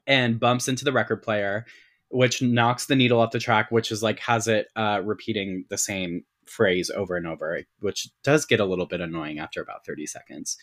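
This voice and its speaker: A man's voice: fairly low pitch, normal speed. A man co-hosting a podcast, telling a movie's plot in casual, profane chat that is full of "like" fillers. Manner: profane, animated storytelling with many "like" fillers. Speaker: podcast co-host.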